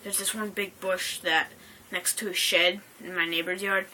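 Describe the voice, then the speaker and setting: Rambling teen girl with a bright tone. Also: lowish voice, flat delivery. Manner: halting, rambling, many fillers and self-corrections. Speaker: vlogger. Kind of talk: casual rambling vlog. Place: outdoors by a house. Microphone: phone camera.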